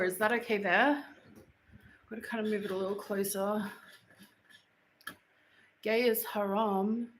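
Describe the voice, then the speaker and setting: An indoor home livestream features a Queensland woman casually and bluntly responding to viewer comments. Her voice is a little high, and the low-quality recording sounds roomy with slight background noise.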